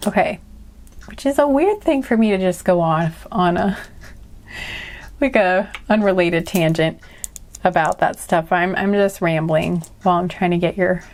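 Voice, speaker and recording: In a lowish, unhurried voice, a woman offers a relaxed tarot reading. She rambles chattily, apologizes often, and makes self-deprecating jokes.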